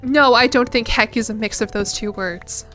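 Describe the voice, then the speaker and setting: A woman's voice: fairly high pitch, normal speed, bright, forceful tone, soft background music. A young woman streamer chatting casually while gaming, rambling and self-deprecating.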